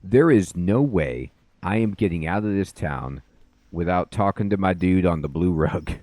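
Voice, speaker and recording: A man's voice: low voice, animated, moderate pace, a little mellow, no echo. A man doing casual live commentary on a game, chatty and rambling, greeting viewers as he plays. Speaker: let's play streamer.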